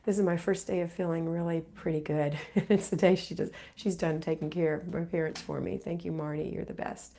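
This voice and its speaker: Still getting over an illness, a middle-aged homemaking livestream host reads out viewer comments and answers them warmly and encouragingly, like a mother. She speaks fairly quickly with few pauses in a lowish, steady, creaky, warm voice, over slight background noise.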